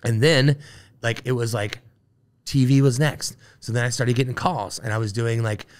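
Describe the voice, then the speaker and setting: A man's voice: mid-range voice, moderate pace. Male podcast guest, conversational storyteller, medium voice, loose and filler-heavy. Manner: animated, full of fillers like "like" and "you know". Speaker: podcast guest, Army veteran. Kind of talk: casual storytelling interview.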